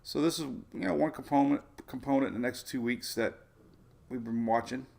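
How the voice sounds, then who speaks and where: A man's voice: medium pitch, fairly quick, creaky, darkish tone. A man hosting a casual weather livestream, walking through maps and rambling off topic in a chatty way. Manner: talks over weather maps on screen. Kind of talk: casual tropical weather briefing.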